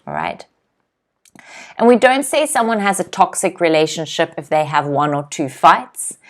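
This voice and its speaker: Young female English teacher, slightly low voice, patient, clear pronunciation drills, reads viewer comments. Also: big pitch swings. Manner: clear, slow word-by-word pronunciation drills with frequent "okay?" checks; reads viewers' comments aloud and laughs lightly. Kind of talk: live online vocabulary lesson.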